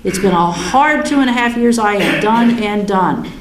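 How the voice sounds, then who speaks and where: A woman telling her own near-death story in a wry, humorous, animated way. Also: medium pitch, moderate pace, reverberant, a little hiss or hum, poor audio. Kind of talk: personal storytelling.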